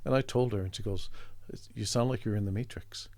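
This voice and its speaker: Man, from Canada, middle-aged, low voice, conversational storytelling. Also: brisk, a little mellow, dry recording. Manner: reflective, meandering anecdotes with restarts. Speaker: interview guest, artist.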